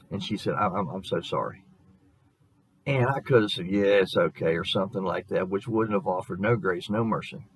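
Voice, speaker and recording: Man, pastor, husky fading voice, low-pitched, earnest folksy sermon, middle-aged. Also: no echo, rough recording. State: losing his voice.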